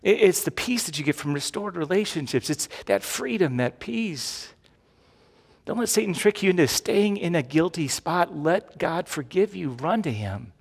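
A man's voice: mid-range voice, vocal fry. A middle-aged man preaching a sermon as pastor, in a chatty way with repeated phrases and frequent "right?" asides. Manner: conversational preaching with tag questions and repeated phrases. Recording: long hall reverb.

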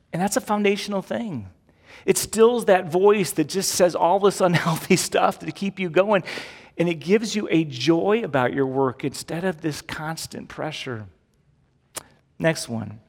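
A man, preaching a sermon as pastor in a conversational, emphatic way, repeating key phrases. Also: fairly high pitch. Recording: long hall reverb.

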